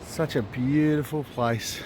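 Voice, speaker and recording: A man's voice: medium pitch, steady tone, slow pace, noisy background. A man with an Australian accent, chatting casually on a beach vlog in a laid-back, rambling way and swearing freely. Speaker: vlogger. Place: outdoors at a beach.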